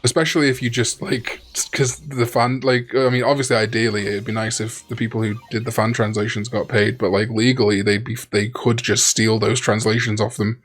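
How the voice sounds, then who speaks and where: A man's voice: mid-range voice, flat delivery, fairly quick, hardly any pauses. A man chatting and joking casually as co-host of a Let's Play. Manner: chatty, joking, rambling asides. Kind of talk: casual gaming chat.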